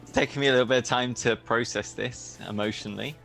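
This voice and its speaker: A man's voice: mid-range voice, fairly even intonation, quick pace, creaky, fairly bright tone, faint music behind. A man playing a tabletop game, chatting casually and making dry, teasing jokes. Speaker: player. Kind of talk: casual chat.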